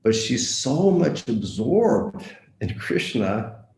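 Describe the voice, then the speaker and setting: A man's voice: mid-range voice, very animated, slow, darkish tone, echoey room, a little hiss or hum, rough recording. A man giving a devotional lecture as a visiting monk, telling a story, repeating words for emphasis and asking his listeners direct questions. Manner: asks the audience direct questions.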